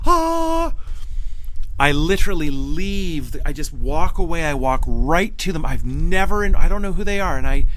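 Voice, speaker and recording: A man from Canada hosting a podcast, telling stories in a casual, animated way, laughing often and acting out what people said. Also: on the high side, slight background noise. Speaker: podcast host and business consultant. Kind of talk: casual storytelling monologue.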